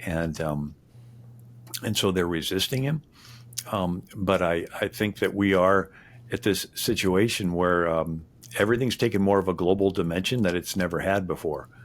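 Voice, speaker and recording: A historian guest talking in an interview, rambling with many fillers and restarts. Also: male voice, deep voice, normal speed. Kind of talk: conversational interview.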